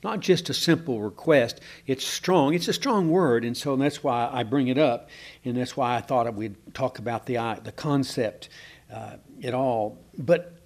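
A man's voice: mid-range voice, unhurried, a little mellow. A man with a drawl walks his congregation through a Bible text. He is informal and searching, halts on fillers, and often turns to ask his listeners what they think. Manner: conversational, asks the room questions, hesitant with many fillers. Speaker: preacher.

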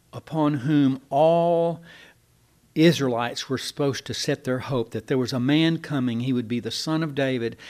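A man's voice: medium pitch, a little mellow. Folksy older male preacher. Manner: folksy, digressive, with many restarts and asides. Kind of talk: sermon.

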